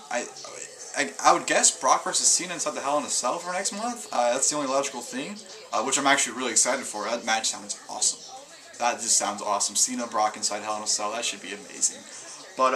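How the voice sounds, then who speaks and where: A man's voice: mid-range voice, bright, forceful tone, rough recording. A man giving a casual video review of a wrestling show, rambling through his recap with lots of fillers and restarts. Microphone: camera mic.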